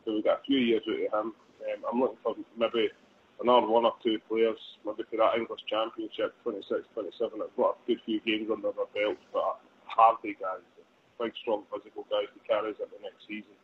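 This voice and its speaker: A man's voice: on the low side, level tone, fairly quick. A man calling in to a radio show, rambling and hesitant with many ums. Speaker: caller. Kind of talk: casual phone-in chat. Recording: tinny phone line with faint noise.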